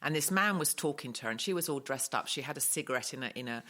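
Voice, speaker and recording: A woman's voice: rumbling low, expressive, fast talker, pushed and bright. A woman co-hosting a podcast, chatting casually and telling stories with dry humor. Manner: dry, wry storyteller. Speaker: podcast co-host. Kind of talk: casual chat.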